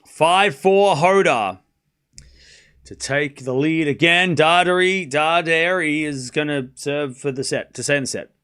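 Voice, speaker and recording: A man's voice: fairly high pitch, unhurried, a bit bright, smooth. A man casually commentating a live tennis match on a stream, joking and chatting with viewers. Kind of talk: casual watchalong play-by-play.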